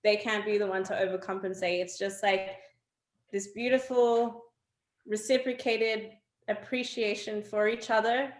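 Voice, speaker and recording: A young adult woman talks as a guest on an interview show, spinning personal stories in a loose, animated way with plenty of fillers and laughter. Her voice sits at a middle pitch. The room around her is echoing and roomy. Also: a little slow. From Australia. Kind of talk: casual storytelling conversation.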